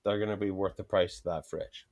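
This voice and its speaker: Fast-talking, profane man. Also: low voice, steady tone, a little mellow. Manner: profane, rambling anecdotes with quoted dialogue. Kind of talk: casual storytelling chat.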